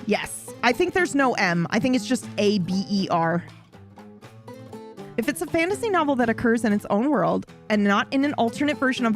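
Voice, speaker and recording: A woman streamer chatting casually and with feeling, swearing and wandering into asides. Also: on the high side. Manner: animated, swears, rambles with asides. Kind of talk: casual chat.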